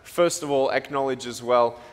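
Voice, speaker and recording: A man's voice: mid-range voice, normal speed, clean tone. Playful man speaking in an echoey hall. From Australia. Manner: playful, joking, lively storyteller. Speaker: motivational speaker. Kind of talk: motivational talk to students. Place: large school hall.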